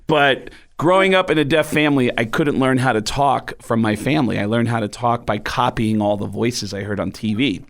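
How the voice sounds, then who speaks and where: Animated male comedian telling stories. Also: mid-range voice, normal speed, few pauses. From the Bronx, New York. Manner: animated storyteller, slips into impressions. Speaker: stand-up comedian, guest. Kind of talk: casual interview chat.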